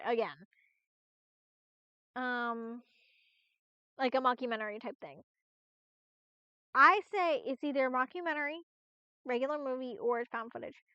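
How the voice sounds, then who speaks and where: A woman's voice: fairly high pitch, moderate pace, long pauses, fairly bright tone, smooth, dry recording. A woman streamer chatting casually on a live stream, rambling with lots of restarts and fillers and the odd swear. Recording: dull, lo-fi, dry stream audio.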